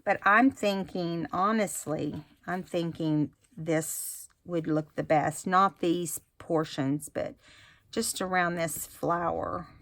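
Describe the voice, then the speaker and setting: A woman's voice: on the low side, steady tone, slow pace, a bit bright. A woman talking casually through a craft tutorial, thinking aloud as she works. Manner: chatty, thinks aloud while working. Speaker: craft vlogger.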